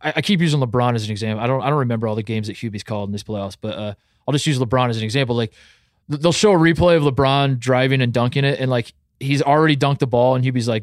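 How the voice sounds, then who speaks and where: A man's voice: medium pitch, rapid-fire, no room sound, studio quality. A man co-hosting a casual sports podcast, rambling with many restarts and laughing asides. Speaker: podcast co-host.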